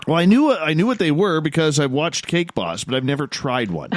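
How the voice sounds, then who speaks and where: A man's voice: fairly high pitch, very animated, fairly quick. A man with a Canadian accent hosting a radio show, enthusiastic and playful with callers. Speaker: radio host. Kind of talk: casual radio talk.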